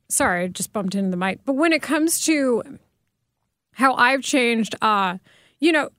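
A woman's voice: fairly high pitch, fairly bright tone, dry recording, studio quality. A woman broadcaster as a podcast guest, speaking in a frank, reassuring and supportive way. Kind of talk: candid podcast conversation.

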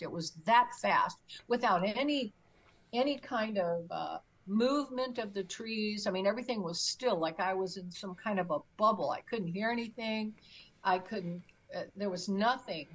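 A middle-aged woman telling her own story as a guest on a talk show, emphatic, acting out her pleas. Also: medium pitch. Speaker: guest recounting an experience. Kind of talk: conversational storytelling.

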